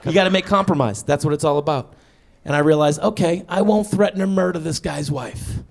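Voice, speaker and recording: A man in his thirties doing stand-up storytelling on stage, acting out dialogue and shouting his punchlines. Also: a little high, brisk, creaky, slight background noise. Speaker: stand-up comedian. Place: stage before a live audience.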